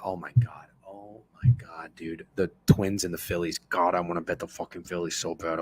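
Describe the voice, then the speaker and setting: A man in his thirties hosting a sports betting stream, talking casually and excitably with lots of profanity while reacting to his chat. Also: deep voice, fairly quick, hardly any pauses, slight background noise. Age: 30s.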